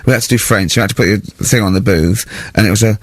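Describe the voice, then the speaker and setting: A man hosting a radio show, telling stories in casual chat and acting out the shouting people in them. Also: lowish voice, quick pace, no echo. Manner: animated storyteller who acts out shouting characters. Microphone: studio microphone.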